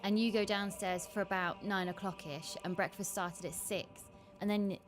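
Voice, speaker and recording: A woman's voice: mid-range voice, faint music behind. A woman co-hosting a casual stream, chiming in with laughs. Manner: laughs often, slow and lively. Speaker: co-host. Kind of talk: casual chat.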